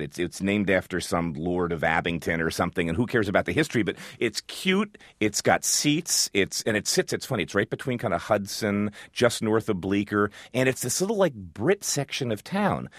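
A man with a low voice talks in a lively, rambling way, piling up restarts as his enthusiasm runs ahead of him. The sound is dry and close, like a radio studio line. He keeps it casual and chatty. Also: moderate pace, no room sound. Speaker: food radio host as guest.

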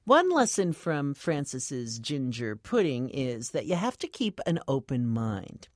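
Lively woman hosting a food radio show. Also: a bass voice, a little slow, dry recording, clean studio sound.

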